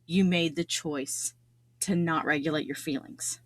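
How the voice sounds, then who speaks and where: A woman's voice: low-pitched, fairly even intonation, a little slow, no room sound. A middle-aged woman hosting a solo self-improvement podcast, talking earnestly and repeating key phrases for emphasis. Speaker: podcast host.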